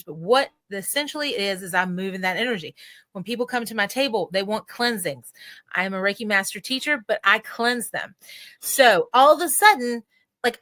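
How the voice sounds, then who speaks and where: Appalachian lady guest, bright lively voice, dry close sound, acts out other folks' voices. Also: on the high side, no echo. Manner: animated storyteller, acts out quoted voices. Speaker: guest psychic medium. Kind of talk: casual interview talk.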